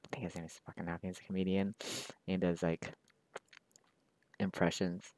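A man's voice: sits low, little pitch movement, brisk, a little mellow, slight background noise. A man chatting casually while he draws, rambling in a slangy, profane, laid-back way. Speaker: artist drawing on camera. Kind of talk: casual chat while drawing.

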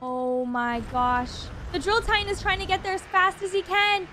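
A woman hosting a reaction video, excitable and gasping often, talking to her viewers. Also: extremely high pitch, moderate pace, hardly any pauses, over music.

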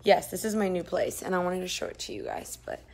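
A young woman live-streaming from her shared apartment on a phone, feeling nauseous, chatting with viewers and drifting between loud outbursts and tired murmurs. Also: lowish voice, wildly swooping pitch, fast, gravelly. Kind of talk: casual live-stream chat reading comments.

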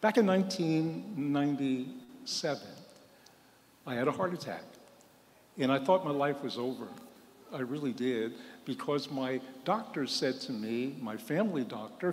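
A man's voice: mid-range voice, expressive, normal speed. A man in his seventies, a priest, telling a humorous personal story in a sermon and acting out the voices of the people in it. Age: 70s. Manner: humorous, acts out quoted voices. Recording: long hall reverb.

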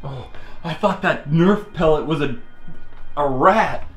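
A young man talking nervously in the dark during a game with friends. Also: on the high side, slow pace, faint music behind. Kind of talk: casual game chatter. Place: large dark indoor play studio. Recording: echoey hall, faint noise.

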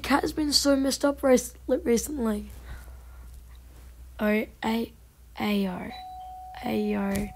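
A woman hosting a gaming channel, giving casual gameplay commentary with excitable, frustrated outbursts. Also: on the high side.

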